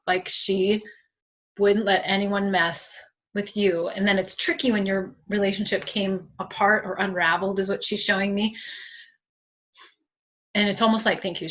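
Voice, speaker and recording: A woman's voice: mid-range voice, a bit bright, muffled recording. A woman giving a spiritual group reading as a medium, chatty and giggly, with many fillers and thanks.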